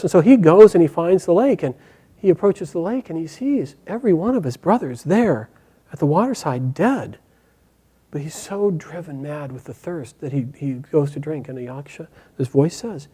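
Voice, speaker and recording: A man's voice: fairly high pitch, dark tone, husky. A man casually retelling an epic story in a conversational way, often repeating and restarting phrases.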